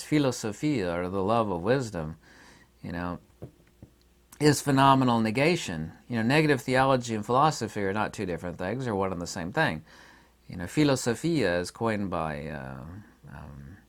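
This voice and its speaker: A man giving an unscripted philosophy lecture, emphatic and argumentative, who repeats points for stress. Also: fairly low pitch. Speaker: channel host.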